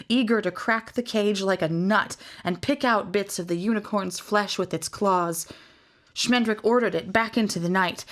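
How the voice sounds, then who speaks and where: A woman reads a fantasy novel aloud with measured, expressive pacing. Her voice sits on the low side, steady through long descriptive passages. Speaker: reader.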